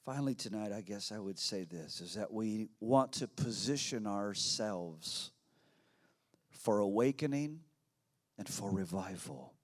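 A man preaching a sermon as pastor, slow and emphatic with many repetitions, dropping to hushed tones and rising to shouts. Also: fairly low pitch, expressive. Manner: dramatic swings from hushed to shouting.

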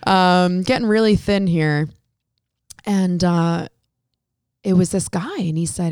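A woman's voice: fairly low pitch, slow, long pauses, smooth, dry recording, studio quality. A woman from Connecticut, a hairstylist and salon owner, telling stories as an interview guest and acting out the dialogue. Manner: lively storyteller who acts out quoted dialogue. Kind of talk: casual storytelling interview.

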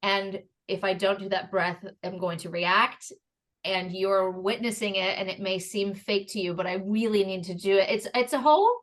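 A woman hosting a podcast, chatting casually in long rambling stories with quick asides. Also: medium pitch, fairly even intonation. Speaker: podcast host.

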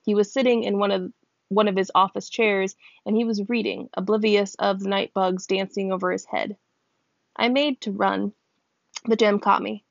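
A woman reading a novel aloud, lifting her pitch a little for the characters' lines, at times stopping to check how a word is said. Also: steady tone, moderate pace, creaky, dry recording. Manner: voices characters with small pitch lifts; stops to check a word's pronunciation and laughs. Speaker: reader. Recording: dull, dry close recording.

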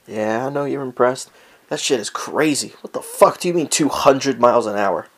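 A man hosting a casual solo podcast from home. He talks in a loose, rambling way, swears freely, jokes as he goes and keeps wandering off topic. His voice sits at an ordinary pitch for a man. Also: moderate pace, a little hiss or hum. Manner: rambling, profane, joking, easily sidetracked. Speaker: podcast host.

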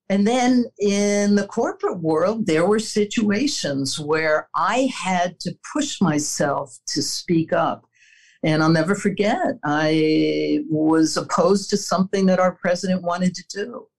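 Woman, older, interview guest, earnest, reflective, slightly low pitch. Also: a little mellow, low-quality recording. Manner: earnest, storytelling, with small laughs and restarts. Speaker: interview guest, former executive.

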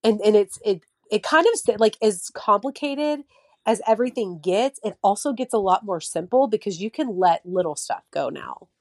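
A woman's voice: medium pitch, lively intonation, normal speed, no room sound. Chatty thirties woman, story-driven podcast talker, quotes people in little voices, dry close sound. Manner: chatty storyteller, many fillers, acts out quotes. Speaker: mother of a child with a heart condition. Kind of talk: casual podcast conversation.

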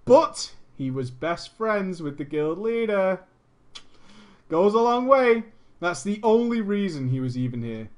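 A woman casually reading a gaming story aloud, adding sarcastic asides and laughing often. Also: mid-range voice. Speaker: story reader and commentator.

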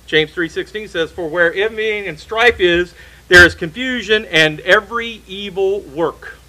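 Emphatic high-voiced man preaching. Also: a little slow, sharp tone, rough recording. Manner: emphatic, repeats key phrases for stress. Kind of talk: sermon.

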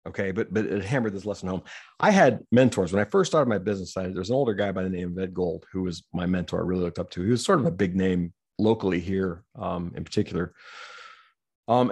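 A man's voice: low-pitched, vocal fry, a little mellow, breathy edge. A middle-aged man, a business-owner guest, telling a story candidly and bluntly, swearing freely. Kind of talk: conversational storytelling.

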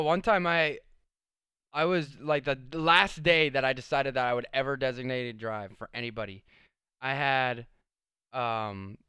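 A man's voice: medium pitch, pushed and bright, smooth, no room sound. A young man telling a rambling party story in casual chat, laid-back, with plenty of swearing and filler words. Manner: laid-back, swears a lot, lots of "like" and "dude".

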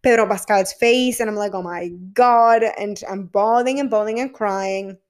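A woman's voice: mid-range voice, fairly even intonation, moderate pace. A young woman vlogging casually about a TV episode, gushing and emotional, swearing freely and acting out quotes. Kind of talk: casual chat.

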